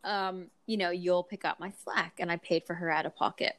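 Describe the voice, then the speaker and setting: A woman wedding photographer telling a story in a casual podcast chat, animated and acting out the people she quotes. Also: fairly low pitch, a little fast.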